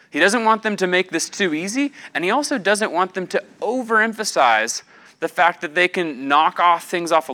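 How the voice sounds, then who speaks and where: A young man from the American Southeast preaching a sermon in a conversational, animated way, acting out the people he quotes. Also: on the high side. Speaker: pastor.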